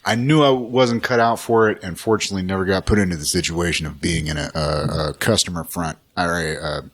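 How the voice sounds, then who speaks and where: Co-host: deep husky man, dry interjections, casual chat. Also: steady tone, fairly quick. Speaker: podcast co-host.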